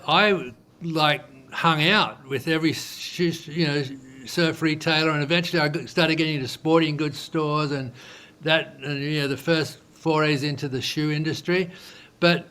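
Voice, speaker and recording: Speaking at a measured pace in a slightly high voice, an entrepreneur recounts how his business came about during an interview. His talk is casual and filler-heavy, and he performs the dialogue he quotes.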